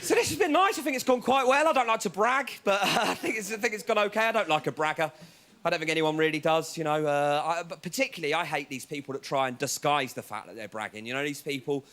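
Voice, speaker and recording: A man doing a stand-up comedy set, animated, acting out other people's voices. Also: quick pace. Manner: animated, acts out other voices, jumps into a much higher yelling pitch. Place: TV studio stage with a live audience. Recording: live TV studio with crowd laughter.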